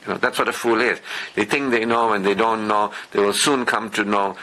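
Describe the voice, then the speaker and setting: Bright-voiced man preaching emphatically. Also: on the low side, fairly even intonation, fairly quick, rough recording. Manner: emphatic, repetitive lists, conversational asides; candid about his past. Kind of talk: Friday sermon lecture.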